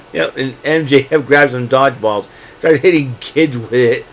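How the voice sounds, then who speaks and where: Male host, mid-pitched, loose rambling recap with laughs and a faint background hum. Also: lively intonation, moderate pace, few pauses, rough recording. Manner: rambling, laughs often, hesitant fillers. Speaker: podcast host recapping wrestling. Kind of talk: casual recap.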